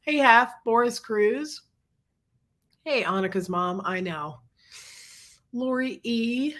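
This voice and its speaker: Her voice is low and husky with sickness, a bit bright, slow yet animated. A congested woman running a casual livestream, she chats away and welcomes viewers by name, coughing in between.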